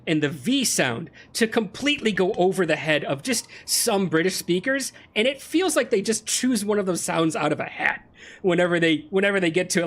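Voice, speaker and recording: A game streamer chatting casually with viewers while playing, animated and ranting with frequent laughs. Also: medium pitch.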